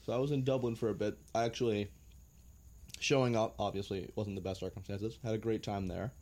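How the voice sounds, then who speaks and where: A man's voice: on the low side, fairly even intonation, brisk, warm tone, slight background noise. A young American man telling travel stories in a laid-back, joking way, with some swearing. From United States. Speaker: guest. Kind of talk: casual storytelling.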